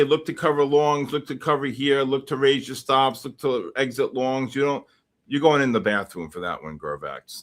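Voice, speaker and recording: A man hosting a live trading stream, calling price levels and teasing viewers in chat with excitable, repetitive banter. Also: mid-range voice. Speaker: livestream trading host.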